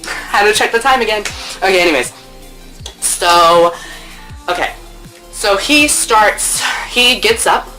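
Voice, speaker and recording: Slowly and with frequent pauses, a young woman tells a casual story to camera at home while soft music plays. As a storytime vlogger she's chatty and playful, swearing and using fillers, and she animatedly performs quotes with big jumps in pitch.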